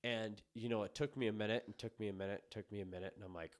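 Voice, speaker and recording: A man in his thirties co-hosting a podcast, talking in a blunt, profane way, dropping to low asides and jumping to loud outbursts. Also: fairly even intonation, quick pace. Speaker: podcast co-host. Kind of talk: casual podcast chat.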